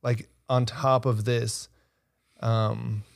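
A man with a gravelly, fry-tinged voice talks earnestly on a faith-based podcast. He is hesitant and repeats words while he gathers his thoughts. The recording is dry and close, with no room sound. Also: medium pitch, level tone, drawn-out words, no room sound. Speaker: podcast co-host. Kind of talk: casual faith-based discussion.

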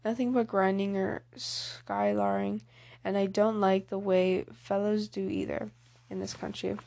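A woman's voice: medium pitch, flat delivery, unhurried, gravelly, mellow. A woman reading aloud as a polite, good-natured teenage boy in a storybook, barely changing her own voice.

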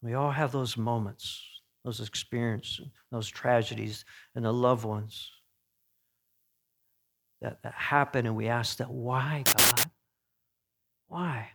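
A man preaching an earnest sermon. He swings between emphatic peaks and hushed, solemn passages, and often corrects himself mid-phrase. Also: mid-range voice. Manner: frequent self-corrections and restarts.

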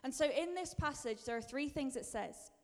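A woman's voice: high voice, expressive, normal speed. A woman preacher giving a sermon in a chatty, self-deprecating way, building to emphatic bursts. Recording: long reverb of a large hall.

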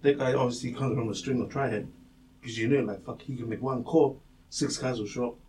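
An animated New man telling stories on a casual podcast, swearing freely and acting out quotes. He sits back from the mic, with a faint hum of the room around him. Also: mid-range voice, a little fast, recorded from a distance. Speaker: podcast co-host. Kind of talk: casual chat, storytelling.

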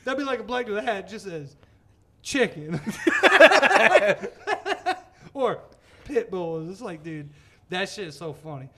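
A man in casual, profane chat with friends, animated and laughing often. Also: high voice, moderate pace.

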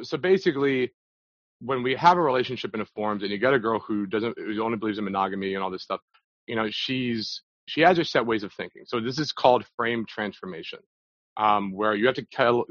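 A man's voice: mid-range voice, a bit bright, no echo. A man talking as a podcast guest, telling a story in a casual, loose way, full of fillers and restarts. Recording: dull, dry lo-fi audio.

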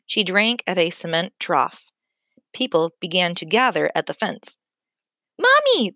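A woman narrating a children's book in a measured, clear storytelling manner. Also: lowish voice, fairly bright tone, no room sound. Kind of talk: scripted audiobook narration.

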